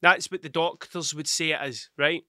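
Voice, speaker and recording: Sweary man, bright forceful voice. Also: fairly high pitch, fairly even intonation, moderate pace, no room sound, studio quality. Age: adult with children. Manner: rambling, heavy swearing, loses his train of thought. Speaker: podcast host. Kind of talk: casual solo podcast monologue.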